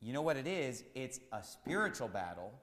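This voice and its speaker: Animated preaching man, hall reverb. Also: medium pitch, normal speed, background noise. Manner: preaching with rising shouts and emphatic repetition. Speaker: pastor. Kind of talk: sermon.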